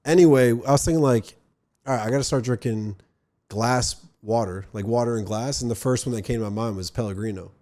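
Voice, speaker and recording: Rambling young man with a mellow voice. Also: medium pitch, a little fast. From northern New Jersey. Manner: rambling, filler-heavy. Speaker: podcast host. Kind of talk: casual chat.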